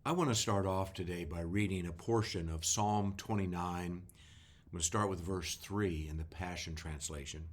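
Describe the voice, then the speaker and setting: A man, a pastor giving a devotional talk and reading scripture slowly and deliberately, stressing key words. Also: low-pitched, fairly even intonation. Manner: slow, deliberate reading with emphasis.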